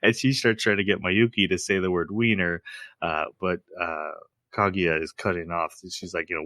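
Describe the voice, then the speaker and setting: A man co-hosting a podcast, retelling anime scenes in a casual, animated way and often laughing as he goes. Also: deep voice, moderate pace, no room sound. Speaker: podcast co-host. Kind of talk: casual chat recapping an anime episode.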